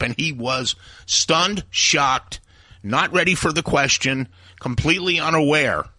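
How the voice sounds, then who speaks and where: Heated male talk radio host with a sharp, husky voice and lively, swinging delivery. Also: medium pitch, dry recording. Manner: ranting, heated, acts out quoted voices. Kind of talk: opinionated talk radio monologue.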